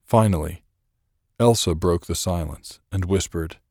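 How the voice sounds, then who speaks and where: A man reading a novel aloud as narrator in a measured, steady way. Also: deep voice, no room sound, studio quality. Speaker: audiobook narrator. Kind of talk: scripted narration.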